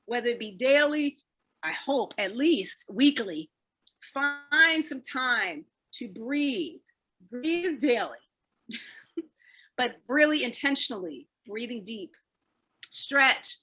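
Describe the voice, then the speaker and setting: Bright, high-voiced upbeat woman presenter. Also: takes it slowly, long pauses. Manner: laughs often, energetic and encouraging. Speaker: fitness speaker leading a wellness talk. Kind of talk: live online wellness workshop.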